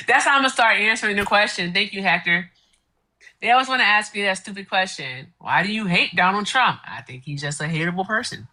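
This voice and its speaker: Woman, co-host, bright voice, animated pitch, blunt and swearing. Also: a little fast. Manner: blunt, profane, laughing. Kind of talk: casual live-stream chat.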